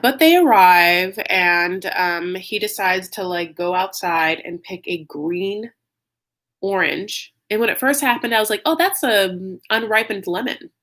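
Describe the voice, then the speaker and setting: A young man recapping a reality show in a campy, sassy, animated storytelling style, calling viewers "honey". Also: high voice, unhurried. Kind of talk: casual comedic recap.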